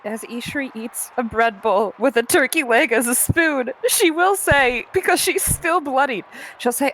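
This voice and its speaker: A woman's voice: high voice, measured pace, a bit bright, a little hiss or hum. A woman playing a tabletop role-playing game, describing her character's actions in a giggly, playful way.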